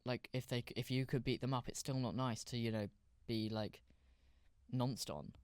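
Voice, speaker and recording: A man's voice: mid-range voice, fairly even intonation, moderate pace, smooth, no echo. A man co-hosting a podcast in casual chat, with dry, teasing banter. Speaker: podcast co-host.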